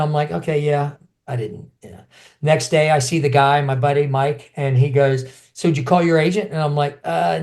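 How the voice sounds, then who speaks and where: An older man's voice sits a little high for a man. He tells his story with animation and acts out other people's lines in quick bursts. He sounds like an interview guest caught up in his own memories. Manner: animated storyteller acting out quotes. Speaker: guest, martial artist and actor.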